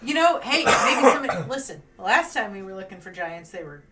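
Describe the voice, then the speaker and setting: A woman playing a tabletop game, chatting and joking in a lively way. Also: mid-range voice, a little fast, far from the mic, a loud crowd. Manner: lively, joking, laughing often. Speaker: player. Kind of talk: casual chat at a game table.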